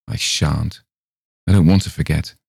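A man's voice: rumbling low, fairly even intonation, a little slow, creaky, darkish tone, husky, no room sound, studio quality, exaggerated voice. A man reading the lines of a fragile, despairing young woman in a dull little voice.

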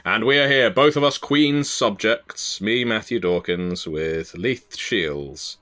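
A man's voice: on the low side, takes it slowly, fairly bright tone. A man with a Southern English accent hosting a casual podcast chat, self-deprecating and full of filler restarts. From England. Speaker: podcast host and interviewer.

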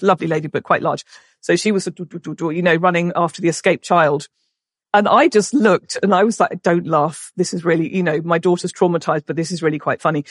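A woman in her forties, a podcast guest, tells a personal story emotionally, halting and restarting often. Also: lowish voice, no room sound, clean studio sound.

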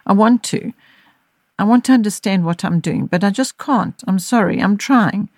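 A woman's voice: fairly even intonation, moderate pace, mellow, dry recording, clean studio sound, lightly acted. A woman reading the lines of an upset ten-year-old girl in an audiobook, in an earnest, pleading voice. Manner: earnest, pleading, slightly raised pitch.

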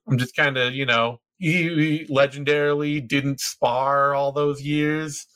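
A young man co-hosting a podcast, talking in quick, excited, rambling bursts. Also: fairly high pitch. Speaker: podcast co-host. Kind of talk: casual podcast chat.

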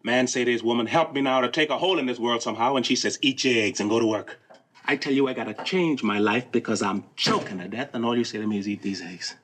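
A man's voice: mid-range voice, fast, fairly bright tone, natural voice. An actor playing a frustrated grown man pleading with his wife, bitter, with a light island lilt, on an old film soundtrack. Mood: desperate. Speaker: film actor in a dramatic scene.

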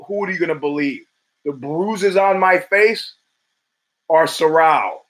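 A man's voice: fairly high pitch, measured pace, a bit bright, low-quality recording. A man hosting his own podcast, talking in a casual, profane and rambling monologue with emphatic bursts. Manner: profane, rambling storytelling with frequent restarts. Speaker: podcast host.

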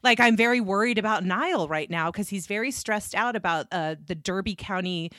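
A woman's voice: mid-range voice, fairly bright tone, dry recording, clean studio sound. A woman hosting a podcast, chatting casually and gushing with fan enthusiasm. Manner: gushing fangirl enthusiasm, quick laughs. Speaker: podcast host. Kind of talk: casual chat.

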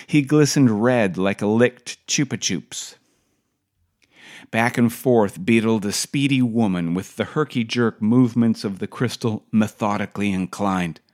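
Slow, wry middle-aged male essayist. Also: on the low side, darkish tone. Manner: dry, wry storytelling. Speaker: podcast essayist. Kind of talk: reading a personal essay.

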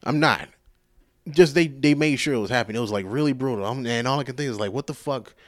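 A male podcast host telling a rambling story in casual chat, profane, animated and self-mocking, sounding tired. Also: medium pitch, quick pace, no echo, clean studio sound.

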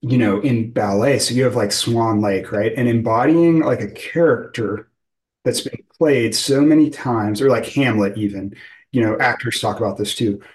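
A man's voice: mid-range voice, moderate pace, poor audio. A man interviewing a guest, talking loosely and searching for words, with many fillers. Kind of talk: casual conversational interview.

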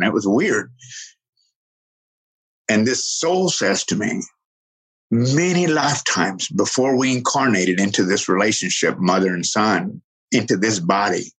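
A middle-aged man earnestly telling a personal story, halting and restarting, quoting others in lively voices. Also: lowish voice, slightly rough, low-quality recording.

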